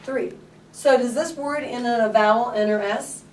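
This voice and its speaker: A woman teaching a Spanish class, asking students questions and drawing words out slowly. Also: a little high, a little hiss or hum. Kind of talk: classroom lesson. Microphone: camera from across the room. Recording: echoey classroom from far off.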